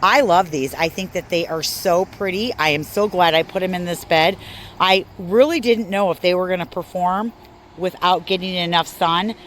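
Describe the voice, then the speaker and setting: A woman's voice: lowish voice, moderate pace, slight background noise. A woman from Northern Illinois giving a casual, enthusiastic walking tour of her garden outdoors, chatting to viewers as she goes. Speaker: garden vlogger.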